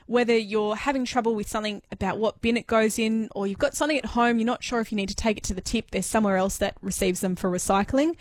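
A woman's voice: on the high side, fast, few pauses, no echo. A woman hosting a radio show, upbeat and chatty. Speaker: radio presenter.

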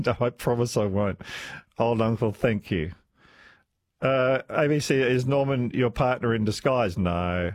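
A man's voice: mid-range voice, slow pace, dry recording, studio quality. A man hosting talkback radio, chatting with callers in a laughing, friendly way. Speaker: radio host.

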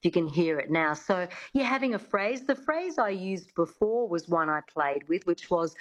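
A woman's voice: fairly low pitch, animated, moderate pace, hardly any pauses, rough recording. A woman, a coach talking in an interview, chatty and full of restarts. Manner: chatty, many restarts and "I mean". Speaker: accent coach. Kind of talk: radio interview guest.

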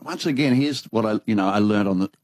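An older man with an Australian accent spins his stories in a lowish voice and slips into other people's voices as he goes. The sound is dry and close. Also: fast talker, dry recording. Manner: animated anecdotal storyteller, acts out dialogue. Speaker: interviewee. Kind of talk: storytelling conversation.

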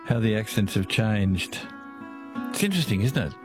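A man with an Australian accent hosting a casual radio talkback chat, easygoing and quick to laugh. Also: fairly low pitch, big pitch swings, over music. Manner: chatty, easygoing, laughs often.

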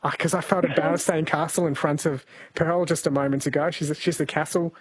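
A man's voice: a little high, fairly even intonation, a little fast, slight background noise. A man from New Zealand hosting a talkback radio show, chatting easily with callers and reading out listener texts. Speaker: radio host. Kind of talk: casual talkback radio chat.

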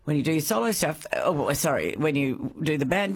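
A radio host interviewing a guest in the studio, chatty and enthusiastic. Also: female voice, low voice, big pitch swings, moderate pace, breathy edge.

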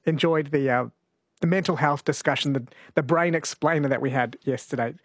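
A man's voice: on the high side, a little fast, dry recording, studio quality. A man, hosting a talkback radio quiz and reading out listener texts in an easygoing way. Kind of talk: late-night talkback radio. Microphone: studio microphone.

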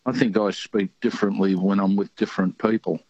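A man's voice: fairly low pitch, steady tone, a little fast, darkish tone, husky, dry recording. A man caller, born in New Zealand, chatting in a rambling way with fillers. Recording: dull phone line.

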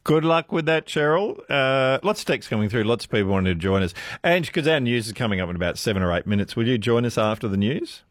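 A man's voice: medium pitch, very animated, fast talker, few pauses, dry recording, clean studio sound. A man hosting a talkback radio show, taking callers and reading texts in an upbeat way. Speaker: radio host.

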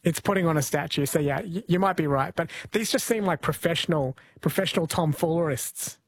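A host chatting casually and asking a guest questions in a relaxed way. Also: mid-range voice, fairly quick, slightly rough, dry recording. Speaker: radio host. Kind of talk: casual interview chat.

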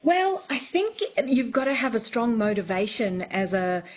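A woman's voice: on the high side, very animated, normal speed. A woman appearing as a guest expert on accents on a radio show, speaking in a thoughtful, explanatory way. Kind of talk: radio studio conversation.

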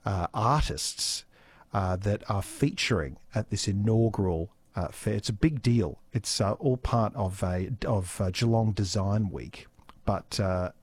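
A man's voice: fairly low pitch, a little slow, darkish tone, slightly rough. Chatty Australian male radio host. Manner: chatty, stumbling restarts and fillers. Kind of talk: live radio chat and links. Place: radio studio. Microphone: studio microphone.

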